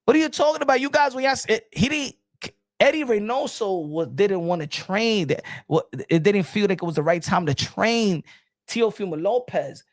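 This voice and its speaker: A man hosting a casual boxing live stream, talking in long, rambling, animated runs and often asking "you know what I'm saying". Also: high voice, normal speed, no echo, studio quality. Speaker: boxing channel host.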